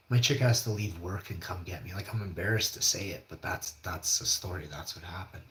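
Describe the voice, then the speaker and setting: A man's voice: low-pitched, a bit bright. A man tells a personal story in a loose, meandering way, leaning on fillers and tossing in curses as he goes. He is recorded in a room with a noticeable echo. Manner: rambling, swears casually, many fillers. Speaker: podcast host. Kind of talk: casual storytelling. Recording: echoey room.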